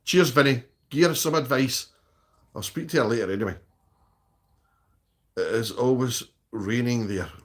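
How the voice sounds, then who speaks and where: A Scottish man talking casually on a live stream, answering viewers' comments one after another. He speaks bluntly, swears freely and ends many of his sentences with "okay?". His voice sits at an ordinary middle pitch for a man. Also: normal speed, pauses often.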